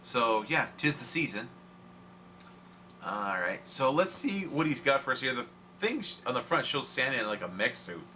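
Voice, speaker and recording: Excitable man in casual reaction chatter. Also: medium pitch, moderate pace, slight background noise. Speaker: reaction video host.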